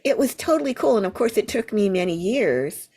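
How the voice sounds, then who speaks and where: A woman's voice: medium pitch, big pitch swings, a little fast, mellow, slightly rough. An older American woman, a Zen teacher, telling a vivid story as an interview guest. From United States.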